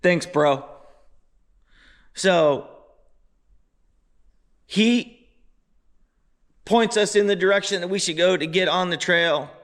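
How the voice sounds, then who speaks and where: Man, high voice, casual storytelling, animated, exasperated. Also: slow pace, pauses often. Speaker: motorbike vlogger.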